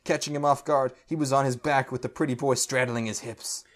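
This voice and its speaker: A man's voice: mid-range voice, fairly even intonation, a little fast. A man podcast co-host reads fan fiction aloud in a mid-range voice, tripping over clumsy sentences and fighting back laughter. The delivery is a mock-serious comic reading. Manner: stumbling, breaking into laughter while reading.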